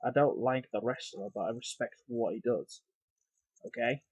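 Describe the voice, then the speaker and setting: A man's voice: moderate pace, breathy edge, no echo. A man delivering a profane, exasperated rant as a video review, sighing often between complaints. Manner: loud and emphatic at first, then grumbling and lower. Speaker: wrestling reviewer.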